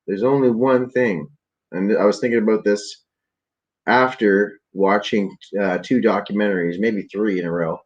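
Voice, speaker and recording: A man's voice: lowish voice, steady tone, moderate pace, highs cut off. A man from Canada hosting a podcast, telling a meandering story in a casual rambling monologue, often trailing off into fillers and restarts. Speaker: podcast host.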